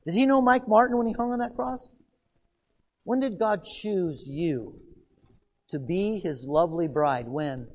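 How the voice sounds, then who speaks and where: A man preaching a sermon, asking emphatic rhetorical questions and swinging between loud outbursts and hushed passages. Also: high-pitched, unhurried, pauses often, lo-fi sound. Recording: long hall reverb.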